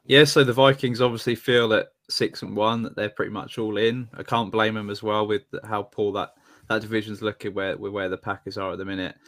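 A man's voice: fairly low pitch, flat delivery, fairly quick, fairly bright tone. A man co-hosting a sports podcast, talking through his views in an easygoing way. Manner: easygoing, analytical, with repeated words. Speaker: podcast co-host. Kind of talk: casual podcast chat.

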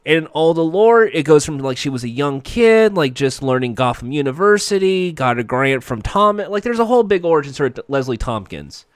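Male recap commentator, animated and sarcastic, swears freely, dry close sound. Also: a little high, brisk, few pauses, clean tone, no echo. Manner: sarcastic, profane, rambling.

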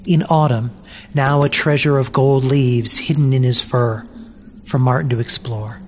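A storybook narrator reading aloud gently and deliberately, with mournful pauses. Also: medium pitch, fairly even intonation, a little hiss or hum.

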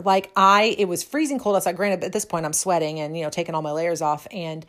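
A fitness instructor living in a cold, snowy city tells a personal story in a chatty, self-deprecating way packed with fillers. Her voice is fairly low and fairly bright, a little fast, with hardly any pauses.

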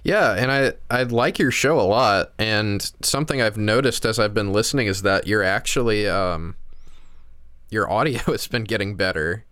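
A man's voice: on the low side, moderate pace, fairly bright tone, clear, resonant tone, dry recording, clean studio sound. A man co-hosting a podcast, talking in a laid-back, rambling way with many restarts over a call. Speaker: podcast co-host. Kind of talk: casual chat. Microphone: remote call.

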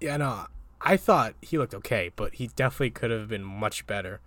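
A man co-hosting a casual sports chat, animated and laughing often as he reads quotes aloud. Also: fairly low pitch, fairly quick, dry recording. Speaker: co-host.

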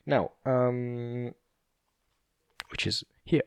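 A man's voice: mid-range voice, extremely slow, vocal fry, clean tone, dry recording. A young Italian man with an Italian accent, rambling casually in a monologue, laughing often and full of fillers and restarts. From Italy.

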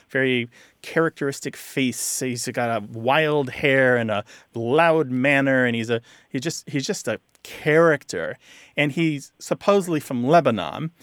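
A man's voice: medium pitch, clean tone, dry recording. Man explaining word origins on radio. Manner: chatty and explanatory, quick asides. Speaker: radio show co-host.

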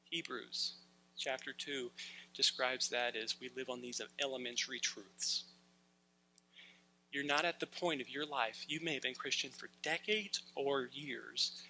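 A middle-aged male pastor giving an animated sermon to a congregation, sometimes shouting as he acts out scenes. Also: medium pitch, unhurried, gravelly, slight background noise, poor audio.

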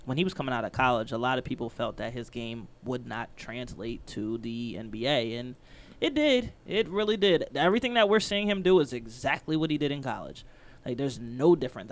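Sports podcast co-host, man from Philadelphia: animated, playful, gets hyped about big plays. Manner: excitable, jumps up in pitch when hyped. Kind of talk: casual sports chat.

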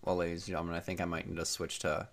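A man's voice: sits low, flat delivery, rapid-fire. A man hosting a podcast in casual chat, teasing and joking, talking over a video call. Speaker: podcast host.

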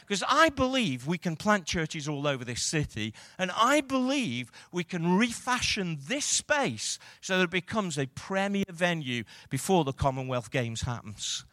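A male pastor preaching a sermon, moving from quiet reflection to loud, rousing calls to the congregation. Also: high voice, sing-song, normal speed, few pauses, no room sound, studio quality.

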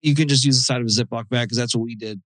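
A man's voice: medium pitch, very fast, no echo, low-quality recording. A man hosting a casual podcast chat, telling profane stories and acting out quotes from customers and coworkers. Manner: profane, animated storytelling with mimicked quotes. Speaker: podcast host, tattooer.

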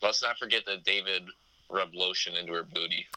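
Bright-toned, profane man joking around. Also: deep voice, low-quality recording. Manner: profane, joking, riffs with quick laughs. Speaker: podcast co-host. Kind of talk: crude casual chat.

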